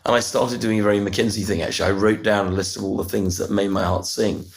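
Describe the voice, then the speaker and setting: Earnest, halting middle-aged man. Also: on the low side, steady tone. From United Kingdom. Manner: earnest, halting, many restarts and repeated words. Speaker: podcast guest. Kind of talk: reflective storytelling interview.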